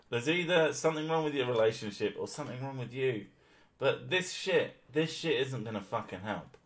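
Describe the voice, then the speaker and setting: A man hosting a casual live stream, swearing freely and laughing often at his own sarcastic remarks. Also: mid-range voice. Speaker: streamer host. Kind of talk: casual chat.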